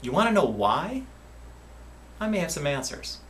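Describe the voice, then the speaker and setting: A man's voice: a little high, sing-song, normal speed. A man, a doctor hosting a health series, giving a casual educational talk and acting out little quoted exchanges. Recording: echoey room, distant mic.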